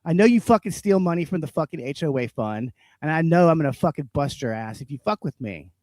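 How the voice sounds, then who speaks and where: A man's voice: a little high, expressive, fast, darkish tone, dry recording. Ranting, foul-mouthed male podcast host. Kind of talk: profane comedic rant.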